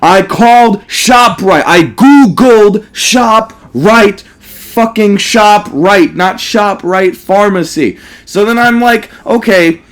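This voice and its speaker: Man, high-pitched, gaming commentator ranting, profane, repetitive rhetorical questions. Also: takes it slowly, hardly any pauses. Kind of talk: ranting storytime over gameplay.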